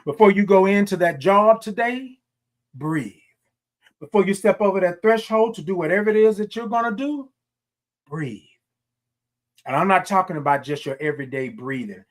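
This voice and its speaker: A man with a high-pitched voice hosts a motivational morning talk. He preaches in rolling, repeated phrases, calling out to his listeners as if from a pulpit. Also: quick pace, hardly any pauses. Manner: preachy, call-and-response rhythm with repeated phrases. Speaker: host.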